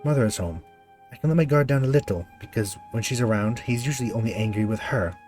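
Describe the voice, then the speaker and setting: A man's voice: medium pitch, soft background music, natural voice. A man reading a troubled young man's memories. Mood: solemn. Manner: quiet, halting, solemn recollection. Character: troubled young man recalling an abusive father.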